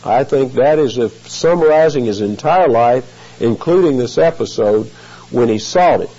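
Muffled earnest male preacher, lively delivery. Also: mid-range voice. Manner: earnest, emphatic, drawn-out phrasing. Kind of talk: expository sermon. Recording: muffled lo-fi recording.

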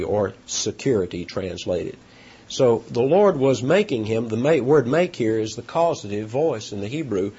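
A man preaching a sermon with animated delivery, his pitch jumping up for emphasis, with halting restarts. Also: breathy edge. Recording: dull lo-fi sound.

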